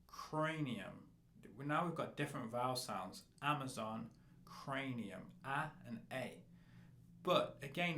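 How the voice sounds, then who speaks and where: A man's voice: mid-range voice, sharp tone, slight background noise. A man giving a rap lesson, explaining rhymes and rapping short example bars between explanations. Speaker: rap teacher. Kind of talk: instructional talk with rapped examples. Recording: roomy echo.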